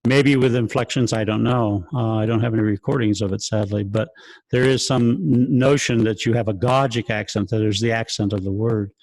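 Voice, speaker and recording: A man's voice: on the low side, fairly even intonation, brisk, a little mellow, no echo. A man, a choir director, lecturing in an online rehearsal, asking rhetorical questions and chuckling as he explains. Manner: asks rhetorical questions, sings examples, chuckles often. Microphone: video call.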